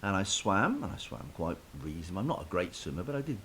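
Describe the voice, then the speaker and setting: Lively low-voiced man telling a story. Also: fast. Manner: animated, self-deprecating storyteller with many restarts. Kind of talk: casual storytelling chat. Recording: faint hiss.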